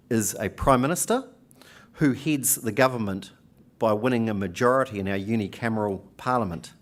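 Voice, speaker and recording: A man from New Zealand with a New Zealand accent, giving a conference speech as a union speaker and leading the audience in repeating phrases back to him. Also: lowish voice. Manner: jokey, leads the audience in call-and-response. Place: conference hall.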